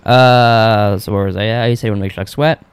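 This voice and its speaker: A young man co-hosting a podcast, rapidly retelling an episode and acting out the characters' lines, swearing freely. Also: lowish voice, fairly even intonation, clean tone, no room sound. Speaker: podcast co-host. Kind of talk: casual chat recapping a TV episode.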